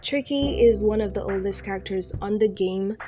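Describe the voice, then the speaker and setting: A young woman giving a chatty, relaxed voice-over about her digital art. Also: mid-range voice, normal speed, lo-fi sound. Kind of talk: casual voice-over narration. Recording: faint music behind.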